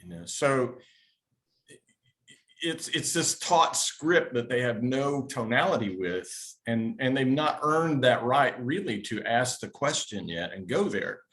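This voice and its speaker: A man's voice: medium pitch, expressive, measured pace, a bit bright. A man on a video call, earnestly recounting his experience to a coach and searching for words as he goes. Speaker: caller in a Q&A session. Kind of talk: casual storytelling.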